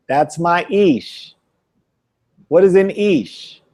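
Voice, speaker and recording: A male teacher runs a relaxed classroom lesson, repeating each new word several times and quizzing his student with a laugh. His voice rises and falls a great deal, sits a bit high for a man, and moves at an unhurried pace. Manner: repeats words slowly for drilling. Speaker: Hebrew teacher.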